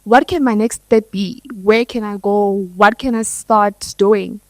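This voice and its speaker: A woman's voice: mid-range voice, fairly even intonation, measured pace, a little mellow, no echo, rough recording. A woman in the audience, a recent graduate, asking a hesitant question about her music career.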